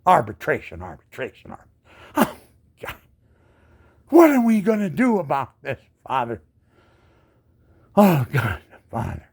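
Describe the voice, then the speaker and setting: Old guy in his 70s venting hard, gravelly voice, pitch jumping all over the place. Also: wildly swooping pitch, unhurried, pauses often, darkish tone. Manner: indignant ranting, rhetorical questions, repeats words. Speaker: disabled veteran. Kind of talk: angry monologue to camera.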